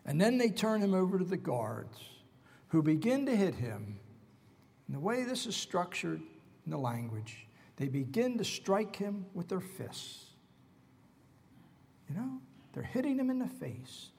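A man's voice: sits high, very animated, measured pace, creaky, long pauses, a little mellow, breathy edge, big-room sound. A man preaching an expository sermon, retelling scripture with dramatic, emphatic storytelling.

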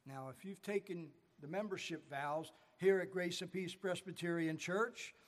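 High-voiced preacher in a reverberant church. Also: male voice, normal speed. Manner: storytelling preacher, rising and falling emphasis. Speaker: pastor. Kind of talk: sermon. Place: church sanctuary. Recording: church sanctuary with long reverb.

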